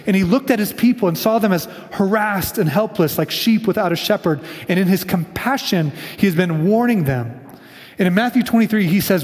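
A man's voice: sits high, expressive, brisk, darkish tone, long reverb tail. A man preaching a sermon in a casual storytelling way, often slipping into quoted lines. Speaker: pastor.

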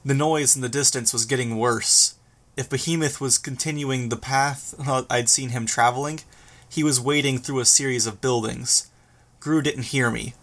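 A man reading a novel aloud as narrator, with steady, measured delivery. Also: medium pitch. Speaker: audiobook narrator. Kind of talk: scripted narration.

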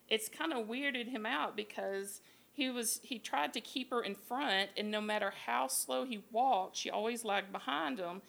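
A woman's voice: fairly high pitch, vocal fry. Woman telling a spooky story casually. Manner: profane, animated retelling with quoted voices. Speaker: podcast host. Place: live show at a beer garden.

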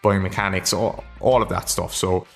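An Irish man hosts a podcast in a loose, chatty way. His voice sits fairly low, and he rambles, restarts and pokes fun at himself as he goes. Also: steady tone, normal speed, gravelly, faint music behind. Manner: rambling, self-deprecating, stumbles over words. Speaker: podcast host. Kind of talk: casual podcast chat.

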